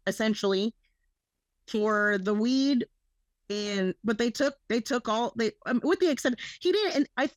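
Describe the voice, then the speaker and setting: Brief: young woman, slightly high voice, casual podcast storyteller who swears a lot, dry close mic. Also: no echo. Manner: rambling, swears freely, quotes people in her story. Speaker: podcast co-host.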